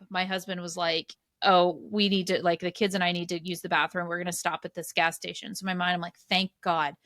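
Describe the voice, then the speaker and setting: Animated bright-voiced woman. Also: on the low side, no echo, studio quality. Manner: animated, rambling, self-mocking. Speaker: podcast co-host. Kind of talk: casual chat, storytelling.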